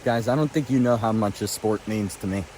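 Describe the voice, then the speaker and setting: A man's voice: fairly low pitch, fairly quick, darkish tone, slight background noise. A man vlogging while fly fishing, out of breath and overwhelmed, talking into a phone while standing in a stream. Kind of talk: emotional outdoor vlog. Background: flowing stream.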